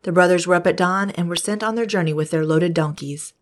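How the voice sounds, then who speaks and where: A woman podcast host reading scripture aloud in a steady, measured way. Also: fairly low pitch.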